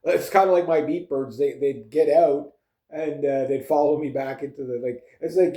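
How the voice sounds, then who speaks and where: A man's voice: a little high, moderate pace, mellow, roomy sound. A man from Canada telling rambling farm stories as a vlogger, chatty and laughing often, with lots of fillers. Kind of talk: casual rambling storytelling.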